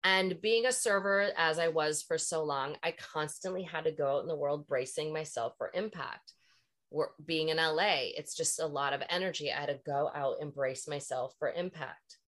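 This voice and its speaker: A woman's voice: sits low, moderate pace, fairly bright tone. A woman, an energy healer and podcast guest, telling a long personal story in a frank, rambling way and swearing freely.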